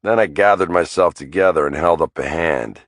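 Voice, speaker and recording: A man's voice: sits low, normal speed, no echo, clean studio sound. A man narrating a crime thriller audiobook in the first person, with wry, dramatic storytelling.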